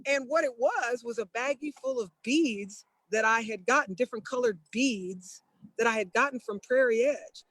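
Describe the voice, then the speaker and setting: A woman guest telling a story in a casual, lively way, laughing often and slipping into the voices of the people she quotes. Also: on the high side, normal speed, no room sound, rough recording.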